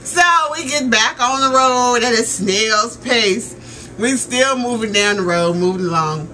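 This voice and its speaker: A woman in her thirties telling a story in a casual, animated rant, laughing and exclaiming as she goes. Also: fairly high pitch, a little slow, a little hiss or hum. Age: 30s. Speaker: vlogger.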